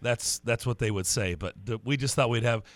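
A man hosting a sports radio show, chatting with a guest in a playful, drawn-out way. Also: medium pitch, dry recording, studio quality.

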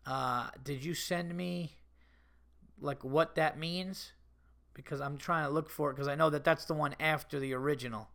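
Laughing, animated male podcast host. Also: a little high, normal speed, vocal fry. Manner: animated, laughs through stories, swears freely. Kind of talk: casual storytelling monologue.

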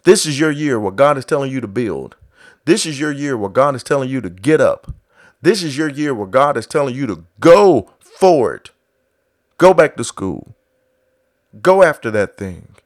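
A man preaching a sermon who starts low and quiet, then builds to loud exhortation with repeated refrains and acts out biblical voices. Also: animated, normal speed.

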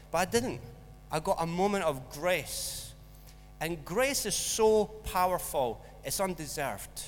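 A man's voice: sits high, a little hiss or hum. A man preaching a sermon, telling a school story with acted-out voices. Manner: storytelling, animated, acts out voices in anecdotes. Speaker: pastor. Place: church hall. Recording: long church hall reverb.

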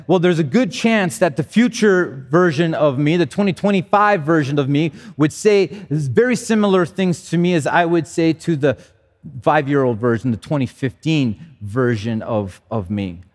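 Man, pastor, sermon, chatty and repetitive, slightly high voice, long hall reverb. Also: moderate pace. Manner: conversational, repeats words as he talks.

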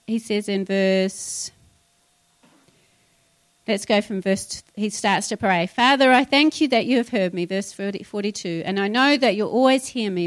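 A woman pastor, preaching a sermon in a conversational way and retelling scripture with asides. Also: medium pitch.

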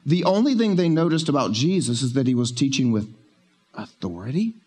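A male pastor preaching a sermon in a church, conversational and joking, slowing down to stress key words. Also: mid-range voice, sing-song, a little mellow. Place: church sanctuary.

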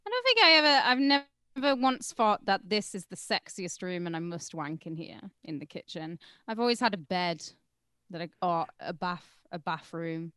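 A woman's voice: lowish voice, big pitch swings, moderate pace, bright, forceful tone, clean tone, no echo, clean studio sound. A woman co-hosting a crude comedy podcast, teasing and bawdy, laughing often. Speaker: podcast co-host.

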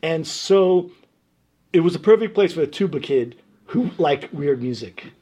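A man from New York tells stories in a loose, chatty interview. He is animated and often breaks into laughs. His voice sits a bit high for a man. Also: a little slow, breathy edge. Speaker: guest musician. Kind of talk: casual interview storytelling.

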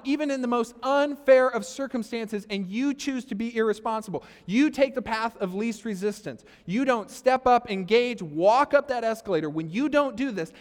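A man preaching a sermon as pastor, conversational, with sarcastic asides and frequent "okay?" checks. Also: high-pitched. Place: church sanctuary. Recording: long hall reverb.

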